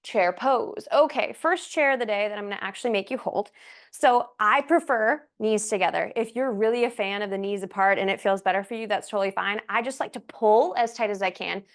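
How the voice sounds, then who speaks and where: A young woman leads a guided yoga class, cueing breaths and poses in an encouraging, playful way while slightly out of breath. Her voice is medium-pitched and her pace brisk.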